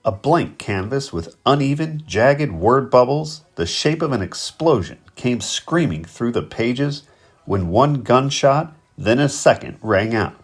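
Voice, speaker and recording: A man narrating a first-person novel in a vivid, expressive storytelling manner. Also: medium pitch, unhurried, slightly rough. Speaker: audiobook narrator.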